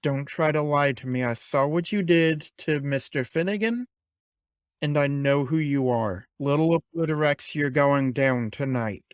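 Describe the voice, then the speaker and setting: A man's voice: a little high, unhurried, smooth, no echo, studio quality, lightly acted. A man voicing a defiant, confrontational young woman fighter in a tabletop game, delivering accusing threats.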